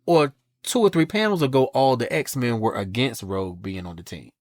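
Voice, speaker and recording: A man co-hosting a podcast, casually recapping a comic book story in a sassy, animated way. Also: mid-range voice, moderate pace, no echo, clean studio sound. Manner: animated and sassy, reads quotes in voices. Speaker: podcast co-host.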